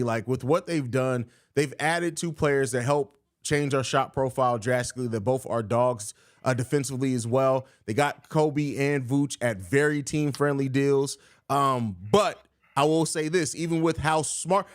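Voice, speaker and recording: A man's voice: mid-range voice, no room sound, clean studio sound. A young man hosting a live sports podcast, reading viewer questions and answering bluntly with jokes, calling people bro. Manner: blunt, joking, says bro a lot. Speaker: podcast host.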